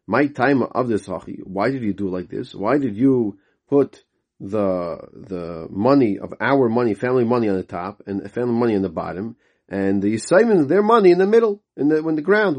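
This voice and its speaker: A man's voice: mid-range voice, a little fast, a little mellow. Man teaching Talmud aloud, phrase by phrase. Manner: reads the Aramaic text aloud, then explains it in English; repeats and restarts words while explaining. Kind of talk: daily Talmud study lesson.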